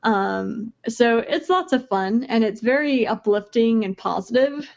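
A woman's voice: on the high side, animated, a little slow, gravelly, darkish tone. A woman co-hosting a podcast, chatting casually about video games, laughing often between many ums and uhs. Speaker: podcast co-host. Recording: dull lo-fi sound.

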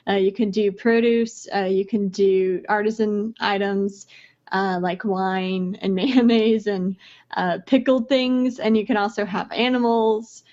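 A woman's voice: medium pitch, steady tone, unhurried, a little mellow. A woman co-hosting a podcast, chatting casually about video games, laughing often between many ums and uhs. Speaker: podcast co-host. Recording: dull lo-fi sound.

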